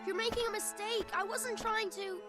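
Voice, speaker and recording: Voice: very high voice, steady tone, normal speed. A woman voicing an earnest young boy hero. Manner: earnest, polite. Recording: game audio with music.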